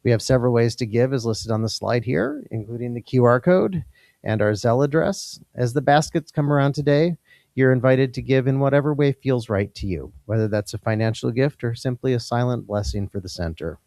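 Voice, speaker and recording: Calm man leading a church offering. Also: medium pitch, fairly quick, vocal fry, dry recording, clean studio sound. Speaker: service leader. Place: church sanctuary.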